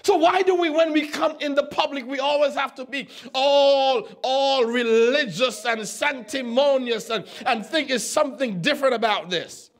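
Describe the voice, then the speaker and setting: A man in his twenties preaching a sermon, teaching the Bible with animated, teasing questions to his congregation. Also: very high voice, normal speed, hardly any pauses. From U.S. Virgin Islands. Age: 20s.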